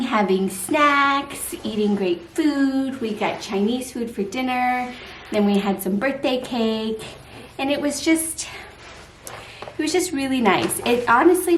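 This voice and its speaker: Woman, thirties, vlogger at home; candid, chatty, unhurried delivery, slightly high voice, faint background hiss. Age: 30s. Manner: candid, chatty, addresses viewers directly. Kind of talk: casual vlog talk to camera.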